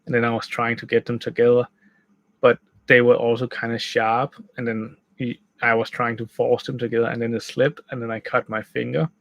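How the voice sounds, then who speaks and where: A man's voice: medium pitch, little pitch movement, fairly quick, creaky, a bit bright, dry recording, low-quality recording. A man casually telling a rambling story from a room by a bed, full of restarts and "like". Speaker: gaming channel host.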